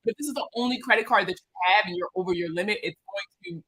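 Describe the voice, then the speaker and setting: A woman with a Baltimore accent, a credit repair consultant, answering viewers' questions in a casual livestream, animated and slangy, joking with her audience. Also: mid-range voice, rapid-fire, slightly rough, poor audio.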